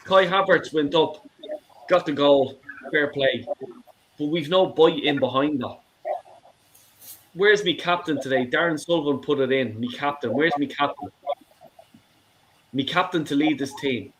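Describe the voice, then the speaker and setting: A man's voice: fairly high pitch, a little slow, long pauses, fairly bright tone. Man, middle-aged, caller, heated rant, swearing, stammering repeats, faint background hiss. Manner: impassioned, swearing, stumbling repeats.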